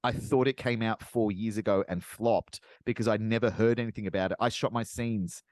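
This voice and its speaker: Man on a podcast, fairly low voice, dry close sound, sarcastic and animated, swearing freely as he rants through a film. Each complaint piles onto the last. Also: fairly quick, no echo. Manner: animated, sarcastic ranting with profanity. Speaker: podcast co-host. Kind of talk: casual podcast chat.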